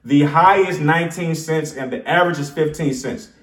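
A man's voice: on the high side, normal speed, distant mic. A man hosting a casual penny stock analysis show, chatty and talking straight to viewers, often correcting himself. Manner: chatty, self-correcting, addresses viewers directly. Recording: roomy sound from off-mic.

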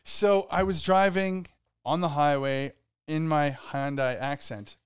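A young man co-hosting a podcast, telling a story in casual chat, halting and quick to laugh. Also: a little high, steady tone, smooth, no echo, clean studio sound. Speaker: podcast co-host.

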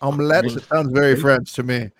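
A man's voice: mid-range voice, fairly quick, dry recording. A man co-hosting a podcast in casual chat, hesitant and rambling, often self-deprecating. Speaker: podcast co-host.

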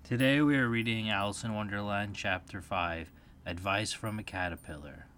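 A man narrating a read-aloud storybook in a steady, even way. His voice sits a little low for a man, with a faint hiss in the background. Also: moderate pace.

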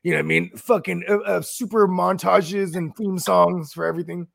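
Gravelly slangy man rambling in casual chat. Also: high voice, fairly even intonation, normal speed. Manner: rambling, slangy, swearing, lots of "you know what I mean". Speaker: podcast co-host.

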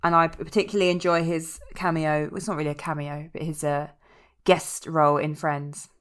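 A woman's voice: low-pitched, level tone, moderate pace. A woman co-hosting a podcast, jokey and opinionated in casual chat, with casual swearing. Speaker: podcast co-host.

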